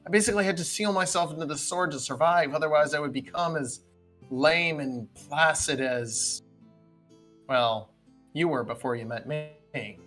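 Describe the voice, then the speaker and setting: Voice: mid-range voice, moderate pace, a bit bright, soft background music, lightly acted. A game master voicing a sly, flirty female spirit trapped inside a magic sword, talking casually with lots of fillers. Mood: sheepish. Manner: casual, teasing, rambling with fillers.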